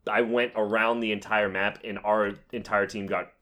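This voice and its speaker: A man's voice: on the low side, level tone, normal speed, sharp tone. A man casually telling a gaming story on a podcast, rambling with fillers and restarts. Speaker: podcast co-host. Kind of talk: casual chat.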